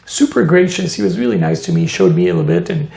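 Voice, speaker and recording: A man tells his story in an interview, his voice pitched high and deeply gravelly. He talks animatedly, slipping into the voices of the people he quotes and scattering "you know" through his sentences. The recording carries a noticeable room echo. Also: quick pace, dark tone. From Montreal, Canada. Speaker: tattoo artist.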